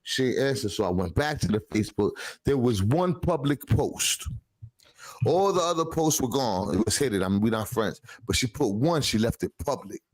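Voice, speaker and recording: A man's voice: mid-range voice, animated, moderate pace, no echo. A man, a podcast guest telling a long personal story in heavy street slang, checking in with "you heard?". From the Bronx, New York. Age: 40s. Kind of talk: casual storytelling.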